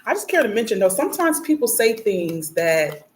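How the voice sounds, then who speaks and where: A woman with a medium-pitched voice, speaking at a moderate pace over slight background noise, hosts a spiritual reading and prayer message. She's casual, blunt and profane with viewers, laughing as she rambles and getting animated in her rants.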